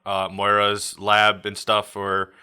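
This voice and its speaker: A man's voice: on the low side, monotone, slow, sharp tone, clean tone. A man co-hosting a podcast, recapping a comic in rambling casual chat.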